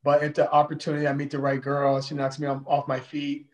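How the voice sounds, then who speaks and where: A man being interviewed on a casual video call, relaxed and rambling, trailing off at times. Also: fairly high pitch, fast, echoey room, muffled recording. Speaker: guest.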